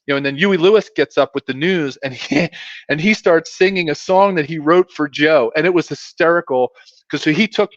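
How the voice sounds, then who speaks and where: A middle-aged man tells old stories in a loose, self-deprecating ramble, circling back and restarting as he goes. His voice sits a bit higher than typical, and the sound is muffled and dull. The room gives no echo at all. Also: normal speed. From South Philadelphia, US. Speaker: guest, former pro football player. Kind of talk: casual storytelling interview.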